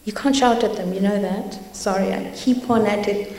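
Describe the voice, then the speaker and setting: A woman's voice: medium pitch, fairly even intonation, normal speed, darkish tone, a little hiss or hum. A woman giving an earnest religious talk, urging her listeners and telling stories. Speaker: religious lecturer. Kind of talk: religious talk to a youth audience. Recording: echoey hall with long reverb.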